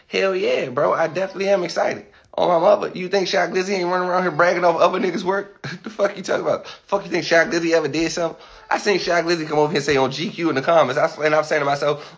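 Man, Washington DC accent, high voice, boastful profane livestream rant, handheld phone camera. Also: brisk, a bit bright, muffled recording. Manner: boastful, swearing, laughing often.

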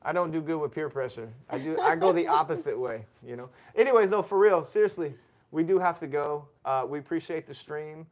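Chatty dad streaming live. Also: male voice, fairly high pitch, fairly quick. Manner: chatty, reads chat aloud, gives shout-outs. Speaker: family livestream host. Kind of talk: casual livestream chat.

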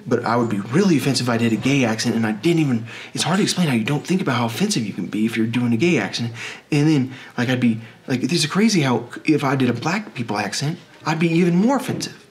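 A man's voice: mid-range voice, animated, slight background noise. A man from Texas talking in a rambling monologue, full of restarts and fillers. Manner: rambling, halting, with many restarts.

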